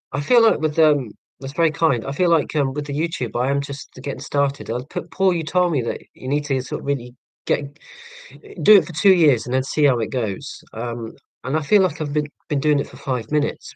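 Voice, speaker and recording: Poor, dry audio captures a man's medium-pitched, slightly mellow voice. He's in his forties, from England, with a southern Hampshire accent, and he chats with his stream's viewers in a rambling, sarcastic, self-deprecating way, repeatedly umming and starting over.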